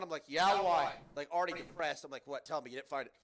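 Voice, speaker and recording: A man's voice: sits high, fast, few pauses, echoey room. A young man telling a story as a podcast host, casual and profane, exasperated, calling listeners "bro.". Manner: profane, animated, exasperated, says "bro" often.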